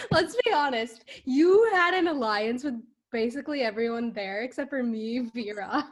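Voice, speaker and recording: Young woman, high voice, casual, chatty, remote call. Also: expressive, a little slow. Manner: chatty, frequent "like" fillers. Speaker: guest. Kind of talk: casual chat.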